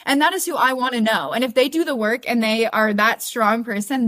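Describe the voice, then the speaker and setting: A young woman with a fairly high voice talks candidly as a podcast guest. She is earnest and emphatic and repeats her points to drive them home. Her delivery is casual and heartfelt. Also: brisk, fairly bright tone. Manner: earnest, emphatic self-encouraging. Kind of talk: candid casual interview talk.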